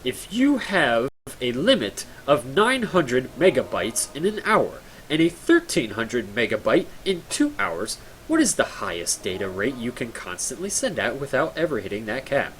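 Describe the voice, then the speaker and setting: A young man streams a game and talks to his chat. He sounds tired and rambles in a casual, self-mocking way. His voice sits at an ordinary middle pitch, with faint room noise behind it. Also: sing-song, normal speed, a bit bright.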